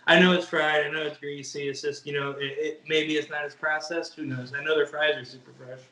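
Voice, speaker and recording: A man's voice: fairly high pitch, flat delivery, a little fast, pushed and bright, far from the mic. A young man, a bodybuilder, chatting casually as an interview guest, easygoing and hesitant with lots of fillers. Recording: echoey room.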